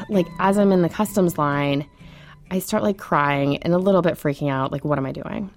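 A woman's voice: low voice, normal speed, soft background music. Chatty woman telling her story. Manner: chatty, animated, many fillers like "like"; laughs often while telling the story. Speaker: interview guest telling a personal story. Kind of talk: radio interview storytelling.

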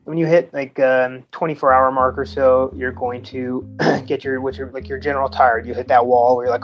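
A man's voice: medium pitch, flat delivery. A man in his thirties, a Navy veteran, telling his story casually in an interview with many fillers and chuckles. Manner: halting, chuckling, lots of fillers. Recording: slightly dull sound with faint music.

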